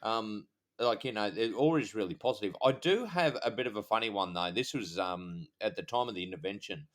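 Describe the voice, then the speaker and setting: An Australian man, a police officer co-hosting a podcast, telling stories in a halting way full of fillers. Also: fairly low pitch, animated. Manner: halting, filler-heavy storytelling. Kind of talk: casual chat.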